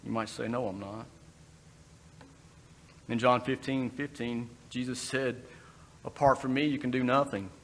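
A man's voice: medium pitch, fairly even intonation, unhurried, long pauses. A man giving a conversational sermon, breaking into brief acted quotes. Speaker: preacher. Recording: long reverb in a hall, faint background noise.

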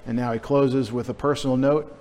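A man's voice: medium pitch, fairly even intonation, a little fast, mellow. A male pastor preaching a sermon in a conversational, emphatic way with wry humorous asides. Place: church sanctuary. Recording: long hall reverb.

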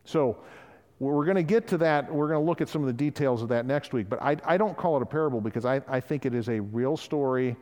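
A male pastor delivers a sermon in a relaxed, conversational way. He slips into the voices of the people he quotes as he teaches. His voice sits at an ordinary pitch, and a long reverb from the hall trails behind it. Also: quick pace.

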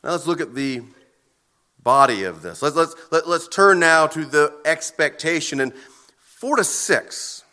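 A man preaching a sermon as pastor, earnest and emphatic, with deliberate pauses between phrases. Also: a little high, expressive, pushed and bright.

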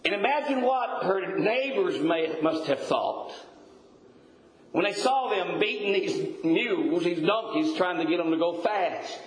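Folksy preacher man with a high voice. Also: expressive, a little slow, slight background noise. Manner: folksy, stammering restarts, chuckling asides. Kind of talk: sermon. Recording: echoey room.

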